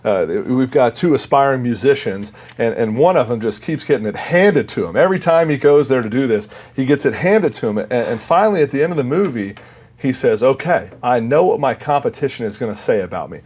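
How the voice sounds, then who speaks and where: A man's voice: mid-range voice, lively intonation, a little fast, darkish tone. A man who works in sales, a guest on a podcast, telling earnest stories and quoting the people in them. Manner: earnest storyteller, quotes himself and others. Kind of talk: casual interview chat.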